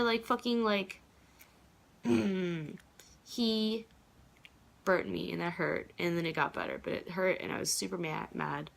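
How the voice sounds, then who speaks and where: A woman's voice: medium pitch, steady tone, a little slow, creaky, fairly bright tone. A woman in her twenties chatting casually in a vlog, rambling with lots of fillers and frequent cursing. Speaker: vlogger.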